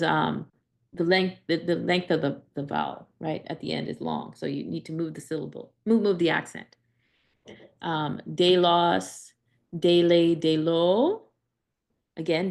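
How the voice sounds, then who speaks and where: In a low, gravelly voice, a woman leads a live Greek grammar lesson. She goes step by step, restarting often and frequently asking "right?"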